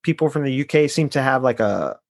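A man's voice: medium pitch, animated, brisk, gravelly. Easygoing man, podcast host. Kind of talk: casual podcast conversation.

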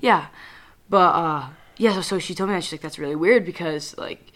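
A young woman co-hosting a casual podcast, telling a story in an animated, profane way and acting out quotes. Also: on the low side, moderate pace. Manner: animated, profane, laughs easily, acts out quotes. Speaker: podcast co-host.

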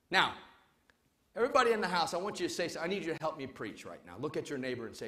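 A male pastor preaching a sermon to his congregation, emphatic, swinging between loud calls and quiet urging. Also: on the high side, expressive, very fast. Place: church service before a congregation.

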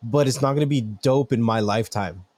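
A middle-aged man co-hosting a casual chat, animated and joking, swearing freely. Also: medium pitch, a little fast, no room sound.

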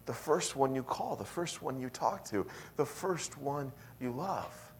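Animated male pastor preaching. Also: mid-range voice, unhurried, a little hiss or hum. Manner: animated storytelling, swings from hushed to loud. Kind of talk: sermon. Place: church.

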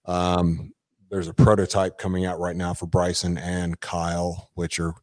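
A man's voice: low voice, completely flat delivery, a little slow, a little mellow. A man chatting casually, telling a long anecdote in a rambling way, swearing freely and restarting his sentences often. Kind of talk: casual chat.

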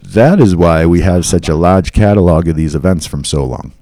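A man's voice: low voice, moderate pace, dark tone, no echo, studio quality. A man hosting a podcast, reading historical accounts aloud with casual asides. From New England. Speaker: podcast host. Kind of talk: casual storytelling from notes.

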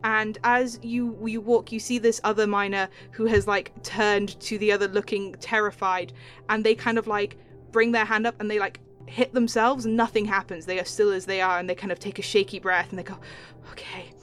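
Woman game master, medium-pitched, chatty descriptive narration, faint music behind. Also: fairly even intonation, moderate pace, a bit bright. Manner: descriptive, with many "like" fillers and light laughs.

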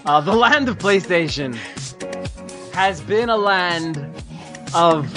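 A man hosting a casual gaming podcast, excitable, swearing and laughing often. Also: high-pitched, slow pace, music in the background. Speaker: podcast host.

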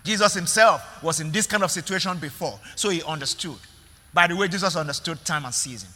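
A man's voice: on the high side, a little fast, sharp tone, big-room sound. A male pastor preaching a sermon in an emphatic way, repeating words and calling out to the congregation.

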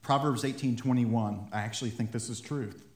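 A man's voice: mid-range voice, steady tone, moderate pace, darkish tone. A man preaching a sermon in a conversational way, acting out little quotes and building to fired-up emphasis. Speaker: pastor. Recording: echoey room.

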